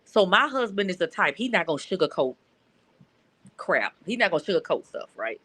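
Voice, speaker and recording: This middle-aged caller from North Louisiana has a lowish, sing-song voice with a sharp tone, and she talks fairly quickly. She's earnest in the casual call-in chat and repeats words while she hunts for the right ones.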